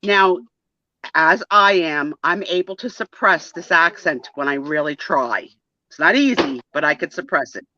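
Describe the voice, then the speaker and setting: A woman hosting a casual talk show, telling a story in a lively way, laughing and acting out the people in it. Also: deep voice, unhurried, lo-fi sound, background noise. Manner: animated, laughing, acts out the people in her stories.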